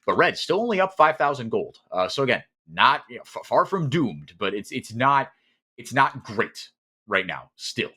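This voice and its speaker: A man doing live play-by-play commentary on an esports match, calling the action quickly and often repeating words as he thinks. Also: medium pitch, husky. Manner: rapid, animated calling with frequent repeated words.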